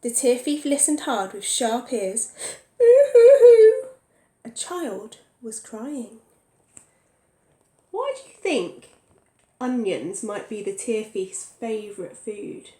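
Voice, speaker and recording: Expressive woman reading a storybook aloud. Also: a little high, takes it slowly, echoey room. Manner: expressive, stops to ask the children questions. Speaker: teacher reading to a class. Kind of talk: storybook read-aloud for young children.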